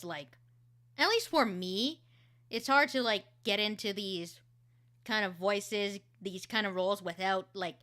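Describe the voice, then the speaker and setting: Chatty woman streamer with a bright voice. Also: mid-range voice. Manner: chatty, filler-heavy, explaining. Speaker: streamer and voice actor. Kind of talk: casual streamed chat.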